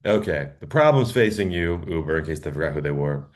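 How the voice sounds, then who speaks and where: A man's voice: rumbling low, lively intonation, fairly quick. A man co-hosting a comedy podcast, reading a draft email aloud in casual chat and laughing often between lines. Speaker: podcast co-host.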